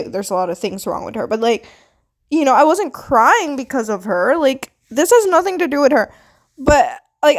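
A young adult woman vlogger telling a personal story in a casual, animated way, swearing often and full of "like" fillers. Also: on the high side. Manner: animated, dramatic retelling with quoted voices. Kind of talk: storytime monologue.

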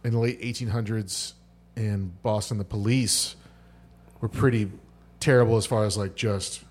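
A man's voice: on the low side, steady tone, normal speed. Rambling joking podcast host, a man. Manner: rambling, joking history storytelling. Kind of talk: casual chat.

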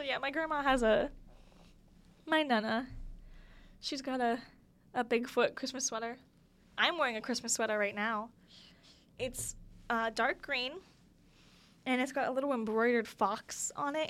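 A young woman with a fairly high voice tells holiday stories on her podcast. She talks in a casual, giggly way and leans on fillers as she goes. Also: moderate pace. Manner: chatty, giggly, lots of "like" fillers. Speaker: podcast host. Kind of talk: casual storytelling monologue.

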